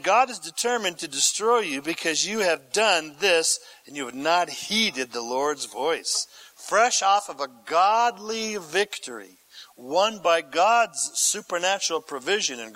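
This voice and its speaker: A man's voice: on the high side, expressive, a little slow, sharp tone, poor audio. A male pastor preaching an expository sermon, reading scripture aloud and then asking the listeners questions in a conversational way.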